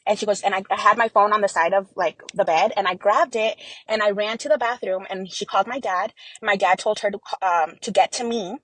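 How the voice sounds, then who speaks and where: A woman's voice: mid-range voice, steady tone, brisk, a bit bright, dry recording, low-quality recording. A young adult woman giving an earnest personal account in an interview, full of fillers and quoted dialogue. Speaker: interview guest.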